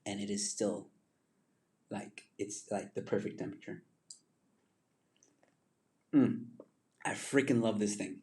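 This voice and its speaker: Rambling man, lowish voice. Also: takes it slowly, pauses often, darkish tone. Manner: rambling, chatty, laughs often at himself. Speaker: livestream host. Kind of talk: casual livestream chat.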